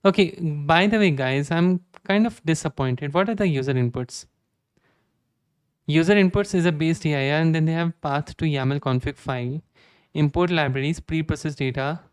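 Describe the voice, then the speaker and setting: A man's voice: a little high, moderate pace, clear, resonant tone, no room sound, clean studio sound. A man in his twenties chatting casually with viewers during a live coding stream, self-deprecating and often restarting his sentences. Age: 20s.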